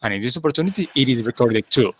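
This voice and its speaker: A man's voice: mid-range voice, expressive, rapid-fire, husky. A man teaching an English class, patiently repeating his instructions and checking in with his students.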